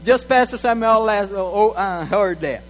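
High-voiced pastor preaching with halting English. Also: male voice, big-room sound, poor audio. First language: not English. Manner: halting, repeats words, non-native phrasing, talks to an assistant. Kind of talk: sermon.

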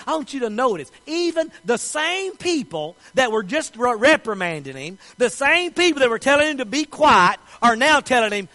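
A male pastor preaching a sermon with passion, moving from quiet asides to shouted declarations. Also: very high-pitched, very animated, moderate pace, low-quality recording. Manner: impassioned, swinging from soft asides to shouted declarations.

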